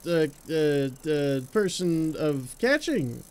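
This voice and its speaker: A man's voice: on the high side, expressive, slow pace, a little mellow. A young man live-streaming a game, chatting casually with a goofy, jokey manner and humming nonsense tunes. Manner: goofy, laughing, hums and scats nonsense tunes.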